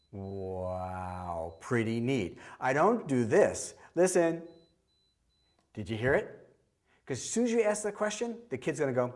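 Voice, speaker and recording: A man, a hearing specialist, teaching a workshop with a practical demonstration. He talks directly and repeats his key points. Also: medium pitch. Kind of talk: instructional demonstration.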